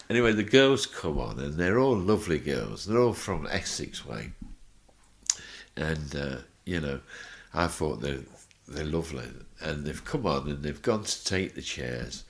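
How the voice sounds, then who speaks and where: A man on a podcast telling animated showbiz stories, laughing as he acts out the people in them. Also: low-pitched, measured pace. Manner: animated, laughing storyteller acting out voices. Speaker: guest telling anecdotes. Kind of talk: podcast interview storytelling.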